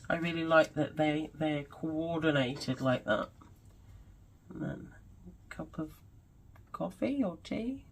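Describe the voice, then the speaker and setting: Brief: woman vlogger, low and unhurried voice, gushing over crafts at home. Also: low-quality recording. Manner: gushing, musing aloud. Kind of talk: casual crafting commentary.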